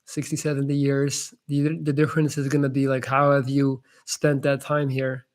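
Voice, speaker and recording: A man's voice: medium pitch, monotone, moderate pace. A young man hosting a casual live-stream chat, answering viewers' questions in a blunt, laid-back way and calling people "man".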